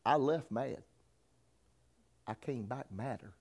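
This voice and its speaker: Man preaching, hushed to shouting. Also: medium pitch, slow pace, gravelly. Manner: swings from quiet storytelling to shouted preaching; addresses the congregation directly. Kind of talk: sermon with personal testimony.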